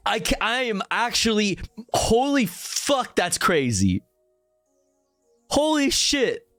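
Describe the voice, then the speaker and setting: Streamer, young man, high voice, unhurried delivery, dry close mic, faint music bed; incredulous and laughing. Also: big pitch swings, a bit bright, no echo. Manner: laughing, incredulous, swearing, reading out headlines and comments. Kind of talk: live stream commentary.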